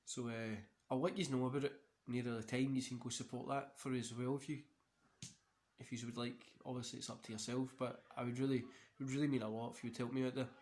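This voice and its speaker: A man's voice: medium pitch, level tone, fast, a little mellow, slight background noise. Chatty Scottish man commentating casually. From Scotland. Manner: chatty and rambling, laughs often, local words like wee and yous. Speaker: wrestling watch-along host. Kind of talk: casual commentary while watching.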